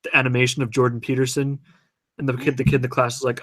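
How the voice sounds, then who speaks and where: A man's voice: medium pitch, flat delivery, racing. A man co-hosting a casual podcast chat, joking and incredulous. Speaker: podcast co-host.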